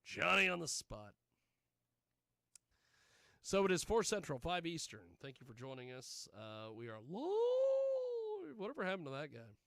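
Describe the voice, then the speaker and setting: A man's voice: mid-range voice, a bit bright, no room sound, clean studio sound. A man hosting a live radio-style show, rambling casually and tossing jokey asides to himself.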